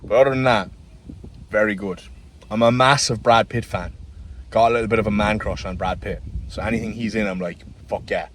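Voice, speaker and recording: A man's voice: lowish voice, steady tone, brisk, pauses often, a bit bright, a little hiss or hum. A man with an Irish accent who coaches fitness, chatting casually and upbeat in a vlog and swearing freely. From Ireland. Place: car, home and outdoors.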